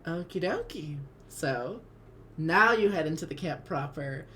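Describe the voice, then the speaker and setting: A woman's voice: low-pitched, expressive, measured pace, a bit bright, slight background noise. A woman narrating a tabletop game as game master, hedging her words and laughing often.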